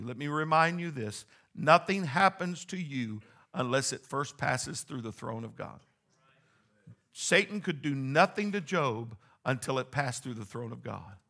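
A male pastor preaching a sermon in a church, swinging between quiet, low asides and loud, rising exclamations. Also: creaky.

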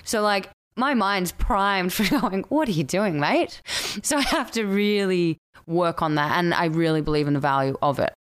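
A woman's voice: on the low side, normal speed, few pauses, clear, resonant tone. A woman in her thirties with an Australian accent, talking candidly as a podcast guest in casual chat. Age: 30s. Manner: candid, animated storyteller.

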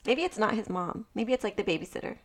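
A woman's voice: medium pitch, quick pace. A woman co-hosting a casual chat show, teasing her partner and laughing along. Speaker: podcast co-host.

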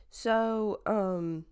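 A woman's voice: medium pitch, a little mellow, smooth. A young woman talking casually about a movie, rambling and full of fillers and self-corrections. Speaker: movie reviewer. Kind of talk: casual chat.

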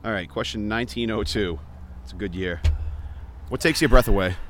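A dry, deadpan man reads out survey questions in a fairly low voice, recorded in a car. A faint hum runs under his speech. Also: a little fast. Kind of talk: casual chat, asking questions.

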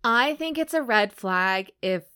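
A woman's voice: fairly high pitch, animated, a little slow, sharp tone, smooth, dry recording, studio quality. A young woman co-hosting a podcast, casually recapping a book with lots of "like" and laughing with her friend. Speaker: podcast co-host. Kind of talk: casual chat.

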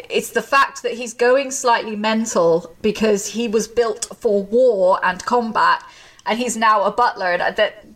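A woman's voice: on the high side, fairly bright tone, far from the mic. Chatty woman, a bit off mic. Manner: enthusiastic, quick asides, laughs often. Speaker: podcast co-host. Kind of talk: casual chat about films.

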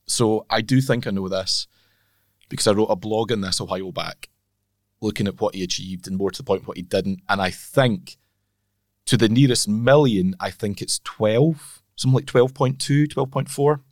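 A man's voice: lowish voice, moderate pace, no room sound, clean studio sound. A man co-hosting a podcast in casual chat, chatty and wry, laughing often. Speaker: podcast co-host.

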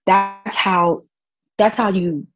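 Animated young woman with a husky voice. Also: mid-range voice, takes it slowly, dry recording, muffled recording, soft background music. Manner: animated, acts out quotes with laughs. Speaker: guest, volunteer child advocate. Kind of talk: casual interview storytelling.

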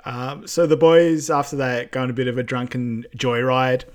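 A man co-hosting a podcast, adding plot points in a relaxed, easygoing way. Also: medium pitch, moderate pace. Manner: relaxed, adds short plot points and agreement. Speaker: podcast co-host. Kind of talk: casual film recap chat.

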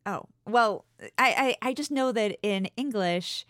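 A woman's voice: a little high, unhurried, fairly bright tone, no echo, clean studio sound. A woman co-hosting a podcast in casual chat. She giggles often and sounds unsure about how to pronounce place names. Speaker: podcast co-host.

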